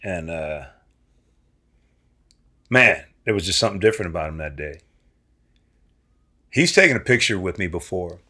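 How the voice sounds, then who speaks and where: A man from Nebraska, a guest actor, telling stories in a casual, animated way and acting out the people he quotes. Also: normal speed, long pauses. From Nebraska, USA. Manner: animated, acts out quoted voices with big pitch jumps. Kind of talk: casual storytelling.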